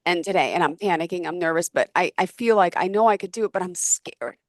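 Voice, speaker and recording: A woman host talks in a lowish voice over a video call. She is open and emotional as she shares her feelings. The sound is dry and close. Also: fast talker, dry recording. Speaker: podcast host. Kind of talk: interview conversation.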